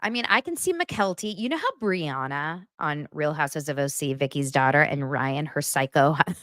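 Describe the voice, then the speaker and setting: Animated woman host with a sarcastic edge. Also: low-pitched, moderate pace, no echo, clean studio sound. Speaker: podcast host. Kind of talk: casual reality-TV gossip recap.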